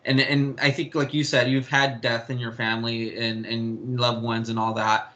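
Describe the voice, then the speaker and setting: A young man, interviewed about his family, shares frank stories in a rambling way, restarting and occasionally cursing. He speaks at a moderate pace with a level, sharp-toned voice of medium pitch.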